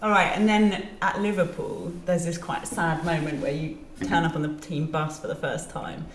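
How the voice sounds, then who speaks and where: A woman's voice: sits low, fairly even intonation, moderate pace, echoey room, a little hiss or hum. A woman co-hosting a podcast, chatting casually and retelling moments to the guest. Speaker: podcast co-host. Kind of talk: casual interview questions.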